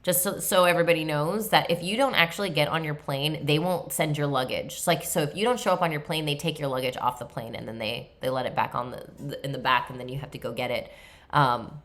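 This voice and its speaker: A woman in her thirties with a low voice tells a story on her podcast. Her talk is loose and chatty, full of filler words and self-mocking laughs. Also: quick pace, fairly bright tone. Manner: chatty, heavy on fillers like "like" and "you know", laughs at herself. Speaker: podcast host. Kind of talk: casual storytelling monologue.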